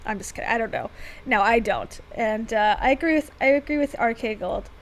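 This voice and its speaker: A woman's voice: fairly high pitch, fairly quick, rough recording. A woman from Florida, co-hosting a livestream in casual, self-deprecating chat and laughing often. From Florida, United States. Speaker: livestream co-host.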